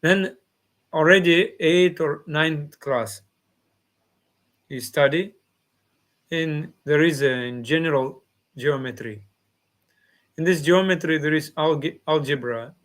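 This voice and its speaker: Slow, high-voiced man teaching a devotional class. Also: a bit bright. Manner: slow, simple non-native phrasing, acts out devotees' replies. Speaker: spiritual teacher.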